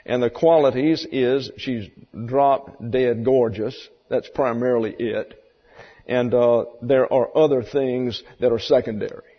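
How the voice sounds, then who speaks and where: A man's voice: medium pitch, steady tone, unhurried. Folksy male Bible teacher, muffled hall. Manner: folksy, explanatory, rhetorical questions. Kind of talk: sermon lecture. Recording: muffled recording in a reverberant hall.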